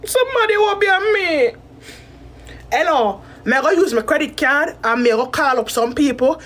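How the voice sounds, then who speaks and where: A woman's voice: fairly high pitch, a bit bright, slight background noise. A Jamaican woman talking straight to her viewers in a rambling, emotional rant full of swearing. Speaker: content creator. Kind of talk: casual talk to camera.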